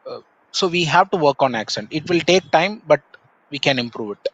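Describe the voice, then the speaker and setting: A man's voice: a little high, animated, fairly bright tone, dull audio. Indian man with a Tamil accent, thoughtful. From Tamil Nadu, India. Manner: measured, thoughtful, many pauses and "uh" fillers. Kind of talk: casual conversation.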